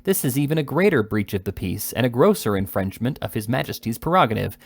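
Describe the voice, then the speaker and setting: A man's voice: medium pitch, very animated, quick pace, creaky, slightly rough, heavily acted. A man voicing a pompous, self-important country magistrate in a read-aloud novel, with a lofty delivery.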